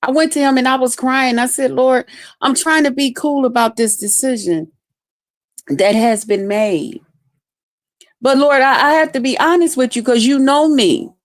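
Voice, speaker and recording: A woman's voice: sits high, no echo, clean studio sound. A woman hosting a livestream, telling a personal testimony in an emphatic, preachy way and speaking straight to her viewers. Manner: preachy, slow and emphatic, addresses viewers as y'all. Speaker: host.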